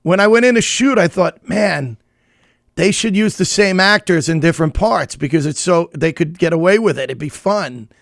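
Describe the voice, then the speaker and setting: A man's voice: on the high side, animated, normal speed, vocal fry, dry recording, studio quality. A middle-aged man co-hosting a casual comedy chat, rambling with restarts and laughing often. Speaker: comedian co-host.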